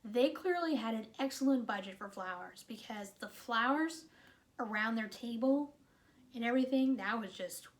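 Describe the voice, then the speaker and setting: Woman, fairly high voice, casual movie review, chatty, animated, exasperated asides. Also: moderate pace.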